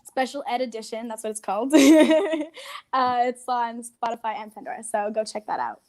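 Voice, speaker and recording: A woman's voice: a little high, normal speed, darkish tone. A teenage girl, a young comedian, chatting in an interview in a giggly, rambling way. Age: teens. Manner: giggly, rambling, slips into mimicked voices. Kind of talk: casual interview chat.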